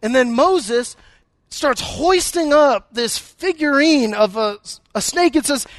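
A man's voice: extremely high pitch, lively intonation, takes it slowly, a bit bright, dry recording. A male pastor preaching a conversational sermon, telling stories with humor and often repeating words as he goes.

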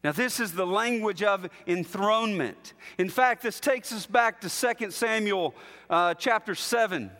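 Man preaching in a big church, slow and emphatic, sinks low on key lines, lots of echo. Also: bright, forceful tone. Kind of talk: expository sermon. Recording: long hall reverb.

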